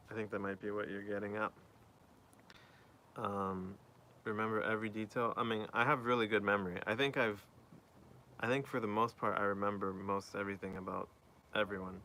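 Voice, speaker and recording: Chatty streamer man, bright voice. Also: on the low side, flat delivery, normal speed, long pauses, a little hiss or hum. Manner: chatty, reads viewer messages aloud and answers them. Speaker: streamer reading chat. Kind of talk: casual live stream chat.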